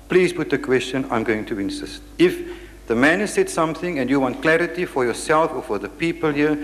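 A man chairing audience questions after a lecture, firm and insistent, cutting in to keep order. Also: fairly high pitch. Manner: firm, insistent, interrupts speakers. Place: large lecture hall. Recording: long hall reverb.

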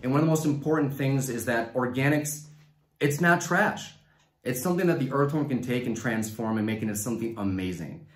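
A man with a Mexican Spanish accent speaks with upbeat enthusiasm, explaining his science to a panel. His voice sits at an ordinary middle pitch. The sound carries a noticeable room echo. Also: a little fast. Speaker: science communication finalist. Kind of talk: science talk and audience Q&A.

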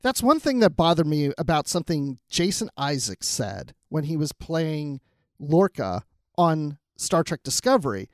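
Excitable podcast co-host, higher-pitched man. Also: measured pace, no room sound, studio quality. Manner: excitable, animated, laughs often. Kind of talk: casual review chat.

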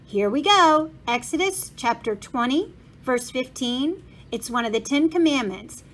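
A woman's voice: high-pitched, lively intonation, measured pace. A woman reading the part of a methodical schoolboy who explains things step by step in a storybook read-aloud. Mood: focused.

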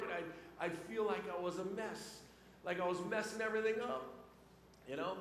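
High-voiced pastor preaching in an echoey hall. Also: male voice, brisk. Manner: storytelling with lively swings between loud and hushed. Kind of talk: sermon. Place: church sanctuary. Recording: echoey church hall with long reverb.

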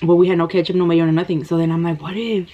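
An American woman in her 30s, a mukbang vlogger, tells stories while eating in an animated, gasping, breathless way. Her voice sits on the low side and she talks very fast. The camera-mic recording is slightly dull and lo-fi, with a little hiss or hum.

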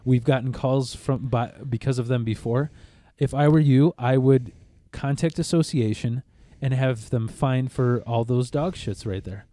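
A man's voice: medium pitch, a little slow, hardly any pauses, no room sound. A man in casual chat, telling a long story with lots of swearing and acting out what others said. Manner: animated, profane, acts out quotes. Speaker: podcast co-host.

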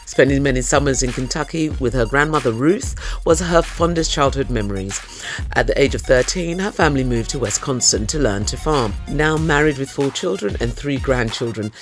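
A man hosting an audiobook review show, delivering a scripted monologue at a middle pitch. He is playful and cheeky and gets loud and emphatic when he rants. Faint music plays under his voice. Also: animated, normal speed.

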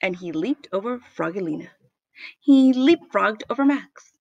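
Woman reading a storybook with gravelly warmth. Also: medium pitch, unhurried, no room sound, highs cut off. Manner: expressive, with playful sound effects. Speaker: storybook reader. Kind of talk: children's picture book read-aloud.

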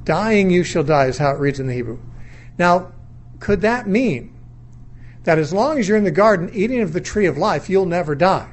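Man, middle-aged, Bible teacher, sermon lecture, fairly high voice, thoughtful, questioning, reasoning aloud. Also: expressive, moderate pace. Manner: questioning, weighing views, undogmatic.

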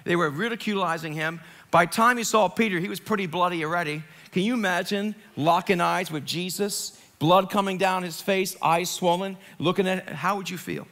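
A middle-aged male pastor giving a sermon, telling the story in a lively, joking way with dramatic retellings. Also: sits high, normal speed. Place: church sanctuary.

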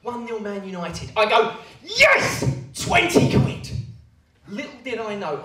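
A young comedian with a high voice, spinning self-deprecating stories and slipping into character voices. He is heard from a distance in an echoey venue, with an audience laughing around him. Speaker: stand-up comedian. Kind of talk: stand-up comedy routine.

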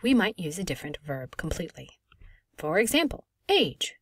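A woman in her thirties, a French teacher, explaining a lesson clearly and patiently with lively emphasis. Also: fairly high pitch, fairly quick, no echo, studio quality. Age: 30s. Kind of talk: recorded language lesson.

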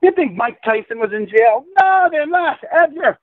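A man with a high, swooping voice rants in a profane, insistent way, lecturing hard. He comes through a tinny phone line with a dry, close sound. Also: expressive, moderate pace, dry recording. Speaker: guest. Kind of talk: conspiracy rant in a call-in interview.

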